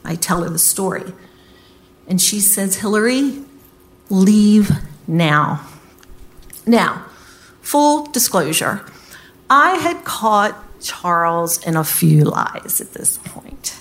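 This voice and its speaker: A woman telling a personal story to an audience, candid and animated, acting out what others said and swearing casually. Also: medium pitch, takes it slowly, pauses often. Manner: candid, animated retelling with quoted voices.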